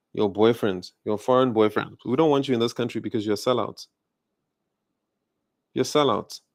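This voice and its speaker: A South African man with a South African accent delivers an indignant commentary, firing off rhetorical questions. His voice sits at an ordinary middle pitch. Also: a little mellow. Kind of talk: ranting video commentary.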